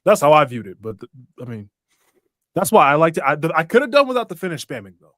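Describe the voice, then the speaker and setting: A man co-hosting a wrestling podcast, an eager fan with quick reactions. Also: fairly high pitch, big pitch swings, a bit bright, no room sound, clean studio sound. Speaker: podcast co-host. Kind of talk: casual wrestling chat.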